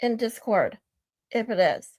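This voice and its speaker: Woman streamer, casual and chatty, lively pitch, reacting to clips. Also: unhurried. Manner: chatty, amused, talking to chat. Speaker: streamer host.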